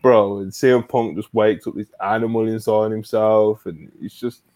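A man's voice: on the low side, moderate pace. A man co-hosting a wrestling podcast, telling it casually with lots of slang and swearing. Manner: animated, slangy, swears a lot, says "bro" often. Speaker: podcast co-host. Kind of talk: casual wrestling review chat.

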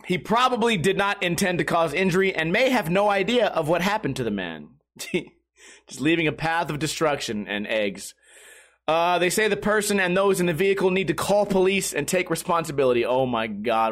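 Guy doing crude comedy riffs on weird news, kinda high voice, bouncy delivery, laughs a lot. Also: normal speed. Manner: animated, crude, laughs often, mocking asides. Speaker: comedy podcast host.

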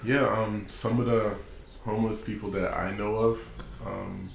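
A man with a very deep, gravelly voice talks hesitantly in a casual chat, with frequent ums. The room echoes around him, and faint noise hangs in the background. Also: level tone, measured pace.

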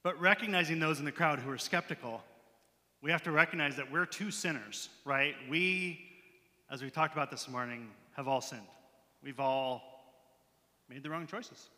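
A fairly high, bright male voice preaching a casual, conversational sermon. The sound carries a long reverb from the church sanctuary around him. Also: moderate pace. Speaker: pastor. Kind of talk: sermon with prayer.

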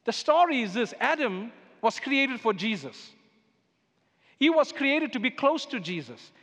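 A man's voice: very high-pitched, big pitch swings, measured pace, a bit bright. A man, a pastor, preaching a sermon with emphatic storytelling. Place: church sanctuary. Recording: echoey church hall with music underneath.

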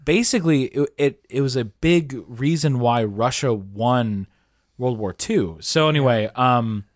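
Rambling, animated man telling a story. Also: mid-range voice, measured pace, no room sound, studio quality. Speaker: podcast host. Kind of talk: casual chat.

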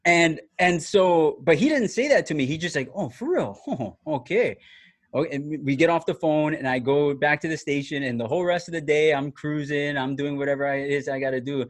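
A man telling a story in casual chat, animated and laughing, with many restarts and fillers. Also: fairly high pitch, a little fast, hardly any pauses, dry recording. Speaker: former TV reporter telling a story.

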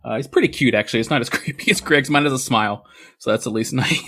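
Fast-talking jokey podcast host man. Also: mid-range voice, bright, forceful tone. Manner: fast, jokey, laughing often. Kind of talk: casual chat.

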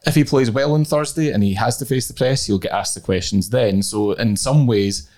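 A man hosting a podcast, speaking in a measured way as he steers the conversation and thinks aloud. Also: mid-range voice, darkish tone. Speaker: podcast host. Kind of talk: casual podcast chat.

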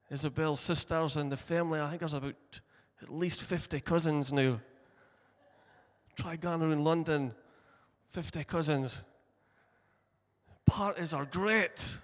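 A Scottish man preaching a sermon as pastor, telling the story earnestly with deliberate emphasis. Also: fairly high pitch, fairly bright tone. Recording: long reverb of a large hall.

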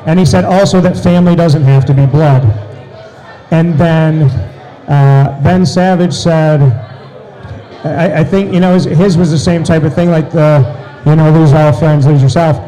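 Guy telling a story all worked up, kinda high voice but mellow, gets loud sometimes. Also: unhurried, a faint crowd, rough recording. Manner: excitable, bursts into loud asides. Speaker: interview guest. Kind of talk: animated storytelling.

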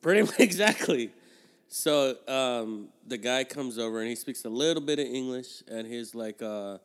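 A man's voice: mid-range voice, animated, moderate pace, clear, resonant tone. A man telling a long, profane, rambling story in casual podcast chat.

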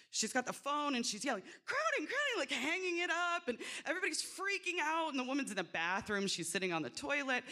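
Animated woman telling a story. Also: high-pitched. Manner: animated, swearing, acts out quotes. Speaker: doula. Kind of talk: live storytelling.

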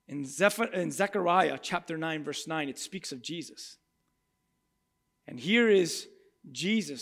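A man preaching a sermon with passion, swinging from loud cries to hushed tones and acting out crowd voices. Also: on the high side. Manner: acts out crowd cries and speaks in Jesus' voice.

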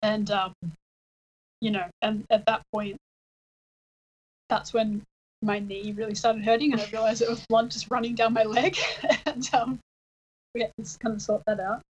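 A woman telling a personal story in casual chat, reflective, with fillers and pauses. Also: fairly high pitch, level tone, slightly rough, muffled recording. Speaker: partner sharing a personal story.

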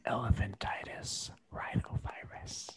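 A man putting on a breathy, mock-seductive whisper for a whispered role-play, reading odd phrases as a sultry tease. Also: a little slow, close to an everyday voice.

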